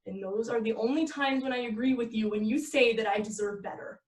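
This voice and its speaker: A woman's voice: fairly high pitch, fairly quick, natural voice. A woman reading the part of a tired, frustrated girlfriend driving at night, firm and scolding, in a table read of a film script. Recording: echoey room, far from the mic.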